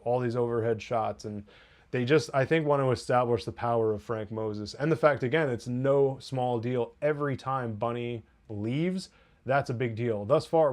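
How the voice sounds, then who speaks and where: A man's voice: mid-range voice, darkish tone. A man hosting a casual TV episode review, talking in a chatty, digressive way and acting out characters' lines with laughs. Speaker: TV review host.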